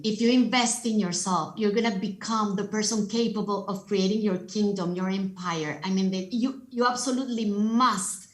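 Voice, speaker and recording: A woman's voice: medium pitch, normal speed, few pauses. Storytelling woman speaker in an echoey room. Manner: storytelling, animated and emphatic. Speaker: guest speaker. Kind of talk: motivational talk.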